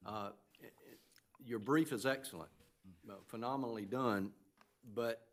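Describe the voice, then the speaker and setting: Halting judge questioning counsel from the bench. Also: male voice, medium pitch, a bit bright. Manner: halting, measured, many fillers and restarts. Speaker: appellate justice. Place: appeals courtroom.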